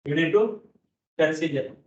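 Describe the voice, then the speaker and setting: A man's voice: on the high side, moderate pace. A man giving a classroom lecture on accounting, repeating key points and checking in with "right?". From Sri Lanka. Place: lecture hall. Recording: dull, echoey hall audio from a distance.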